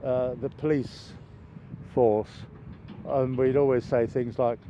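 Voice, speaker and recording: A man's voice: mid-range voice, takes it slowly. Rambling older man on an outdoor walk. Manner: chatty, meandering, easily excited. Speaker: vlogger. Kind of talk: rambling walking vlog. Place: outdoors near a railway. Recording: dull lo-fi outdoor recording with traffic noise.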